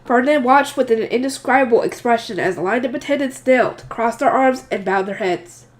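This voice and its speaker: Woman fan reader, nasal tone, a bit high, casual asides between passages of a novel. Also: brisk. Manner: chatty, reacts to the story between passages. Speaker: audiobook reader, channel host.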